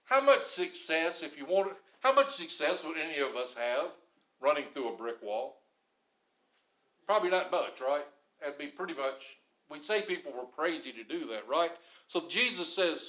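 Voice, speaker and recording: A man preaching a sermon with a slightly raised voice, leaning hard on key phrases and then sinking into low, quiet lines. The sound carries a roomy echo around it. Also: sing-song, normal speed. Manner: emphatic, swings between loud stresses and low quiet phrases. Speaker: pastor.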